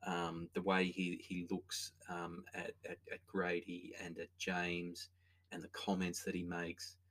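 A man's voice: deep voice, completely flat delivery, unhurried, a bit bright. An opinionated man, chatting casually as a podcast co-host about a film, rambling with many restarts. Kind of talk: casual film review chat.

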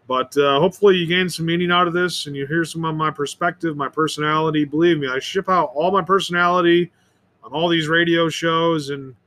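A rambling, opinionated man delivering a solo monologue, his voice pitched high for a man. He often trips over words and circles back on himself. The tone is bright and sharp throughout. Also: steady tone, brisk. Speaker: podcast host.

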